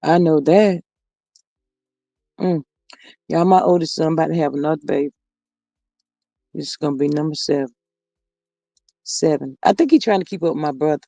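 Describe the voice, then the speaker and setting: A woman's voice: sits low, moderate pace, vocal fry, pauses often, mellow, no echo. A middle-aged grandmother hosting a casual livestream, reading viewers' comments aloud and chatting in a homespun, talkative way. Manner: chatty and homespun, reads comments aloud, says "Lord have mercy" often.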